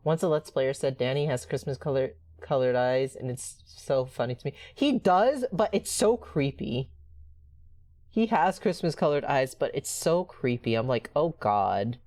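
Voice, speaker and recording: A woman streamer giving casual let's-play commentary, excitable and chatty. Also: rumbling low, normal speed. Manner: excitable and animated.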